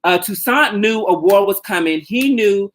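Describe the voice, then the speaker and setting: A woman co-hosting a casual book discussion, telling history in a lively, profane way. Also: medium pitch, moderate pace, a little hiss or hum. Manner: animated, profane storytelling with acted-out voices. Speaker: podcast co-host.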